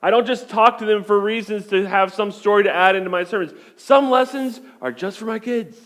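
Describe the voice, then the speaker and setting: Middle-aged male pastor, fairly high voice, chatty joking sermon in church. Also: a little fast, a bit bright. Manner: joking, conversational storytelling.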